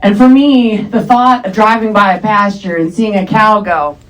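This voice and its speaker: A young woman with a deep voice performing a stand-up comedy set with a dry, deadpan delivery on a comedy club stage. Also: moderate pace, low-quality recording.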